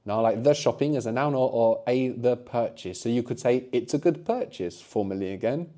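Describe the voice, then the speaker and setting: A man's voice: mid-range voice, normal speed, dark tone. A middle-aged man teaching a language lesson, explaining patiently and often checking in with short tag questions.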